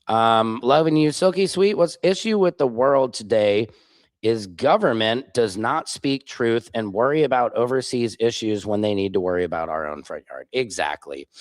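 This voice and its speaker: A man's voice: medium pitch, no echo, studio quality. A man in his forties from Missouri, hosting a casual live stream and trading sarcastic banter with viewers in chat. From Missouri, USA. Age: 40s.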